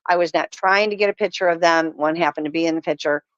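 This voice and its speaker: A woman's voice: low-pitched, quick pace, fairly bright tone, smooth, dry recording. Middle-aged lady telling a story all earnest, dull lo-fi sound, dry. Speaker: podcast guest. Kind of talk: casual chat.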